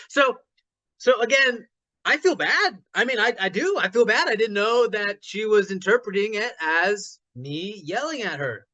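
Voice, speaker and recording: A man in a casual online discussion who thinks aloud with many restarts and gets loud when passionate about ideas. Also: high-pitched, expressive, moderate pace. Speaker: discussion participant.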